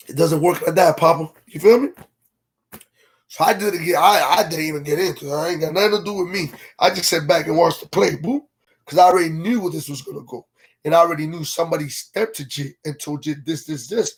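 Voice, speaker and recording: A man spins a long, rambling story on a casual livestream. His voice sits high and sounds a little husky. He talks loosely in slang and keeps asking his audience whether they follow him. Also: a little fast. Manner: greets viewers from live comments mid-story.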